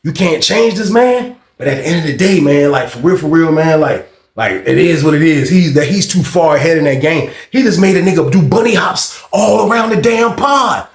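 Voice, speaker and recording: A man's voice: on the high side, a little fast. A man telling a story in a loose, slangy way, swearing freely as he goes. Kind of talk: casual storytime. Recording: roomy echo.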